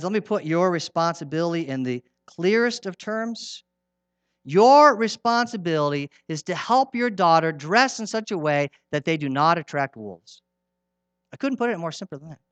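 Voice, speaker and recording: A middle-aged man preaching a sermon in an earnest, emphatic way, repeating his key lines and dropping from loud to hushed. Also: a little high, no room sound, muffled recording.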